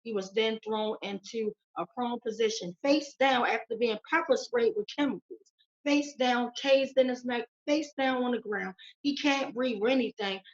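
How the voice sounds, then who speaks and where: In a muffled recording, a woman guest, the victim's sister, gives urgent, emotional testimony during an interview, pleading and repeating phrases. Her voice is a little high and her pace moderate.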